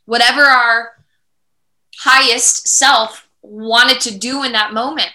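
A woman speaks in a conversational interview with a very bright, slightly high voice. She is reflective and animated and at times acts out inner voices. The room around her is echoey. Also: slow pace. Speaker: podcast guest.

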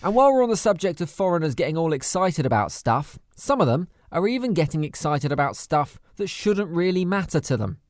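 A man's voice: on the high side, big pitch swings, a little fast, few pauses, no echo. A man hosting and narrating comedy in a dry, sarcastic way. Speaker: host. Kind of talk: sardonic scripted comedy narration.

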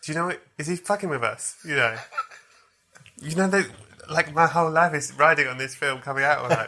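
Bright-voiced animated male podcast host. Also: a little high, fairly quick. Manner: animated, swearing, playful asides. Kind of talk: casual comedic chat.

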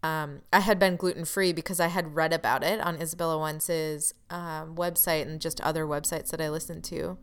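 A woman's voice: deep voice, fairly even intonation, normal speed, hardly any pauses, smooth. Frustrated woman telling a candid personal story. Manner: candid, frustrated, wry asides.

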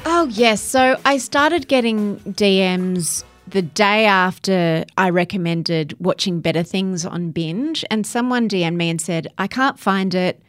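A woman's voice: mid-range voice, a little slow, hardly any pauses, no echo, faint music behind. A woman co-hosting a chat, breezily telling stories and giving recommendations. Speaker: podcast co-host. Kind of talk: casual panel chat.

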